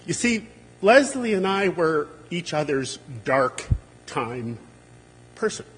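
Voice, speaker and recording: A man's voice: a little high, takes it slowly, husky, in a large hall, faint music behind. A man giving a humorous, anecdotal eulogy for a friend and colleague at a memorial service, livening his stories by acting out what people said. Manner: humorous, animated when quoting others.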